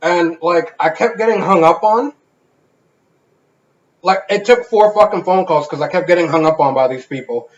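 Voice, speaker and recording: A man's voice: high voice, moderate pace. A man co-hosting a casual podcast, telling a story and swearing freely. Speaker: podcast co-host. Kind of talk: casual chat. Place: home garage. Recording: echoey garage, dull lo-fi sound.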